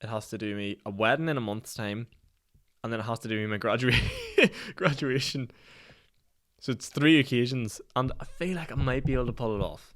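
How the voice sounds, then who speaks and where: A man's voice: lowish voice, fairly bright tone. A Northern Irish man in his twenties hosting a solo podcast, telling rambling, self-mocking stories with plenty of swearing and laughter. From Northern Ireland. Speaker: podcast host. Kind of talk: solo casual podcast chat.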